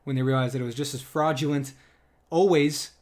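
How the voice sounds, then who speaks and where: A man's voice: medium pitch, fairly even intonation, brisk. A man co-hosting a casual political podcast, rambling with many restarts and frequent laughter. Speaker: podcast co-host.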